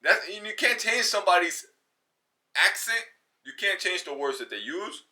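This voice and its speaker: A man with a New York accent, talking casually to camera in an animated, slangy way with quick bursts of mimicry. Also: high-pitched. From New York City. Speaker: vlogger.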